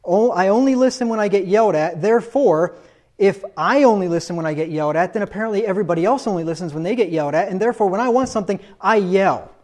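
A man's voice: high voice, expressive, fast, darkish tone. A man voicing a defiant young child who smugly reasons that he need not obey his parents until told several times, as part of a sermon. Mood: reasoning. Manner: smug, scheming inner monologue. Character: defiant young child, smug about disobeying.

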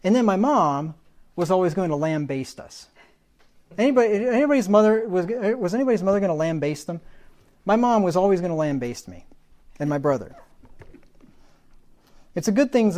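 A man's voice: high voice, animated, fairly quick, darkish tone. A man preaching a sermon in a conversational teaching manner, defining words and adding folksy humorous asides.

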